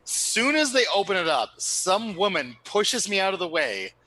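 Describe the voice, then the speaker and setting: A man spins a wild story in casual conversation, his voice bright and slightly high for a man. He talks in an animated, profane rush, checking in with his listener as he goes. He is heard through a remote call mic. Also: moderate pace, rough recording. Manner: animated, profane, with frequent tag questions. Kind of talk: casual anecdote telling.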